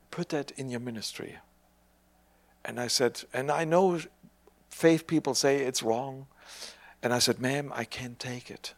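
An older male preacher shares a testimony in a loose, conversational sermon style. His voice sits at a medium pitch. He stumbles and restarts a little, then brings the quoted exchanges to life. The sound is close and dry, with no room echo. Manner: conversational, with hesitant restarts and animated retold dialogue.

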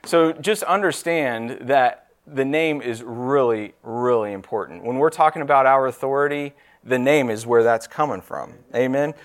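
A man in his thirties or forties preaching a sermon in a casual, conversational way, often asking the room "right?". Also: medium pitch.

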